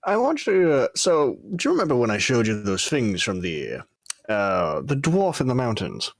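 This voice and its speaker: A man's voice: medium pitch, wildly swooping pitch, moderate pace, dry recording, studio quality. A man in a tabletop game talking in character, casual and curious, asking questions. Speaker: player. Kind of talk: in-character tabletop role-play.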